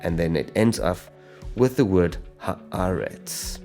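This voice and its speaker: A man teaching a step-by-step pronunciation lesson, speaking slowly and deliberately and sounding out each letter. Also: low voice, lively intonation, warm tone, soft background music. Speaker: Hebrew teacher.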